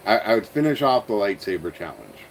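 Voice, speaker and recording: A man's voice: on the low side, very animated, brisk, a little hiss or hum, rough recording. A man with an Ontario Canadian accent, hosting a casual livestream. He rambles, chuckles at himself and trails off into mumbles while answering viewers. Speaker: host of a toy-building channel.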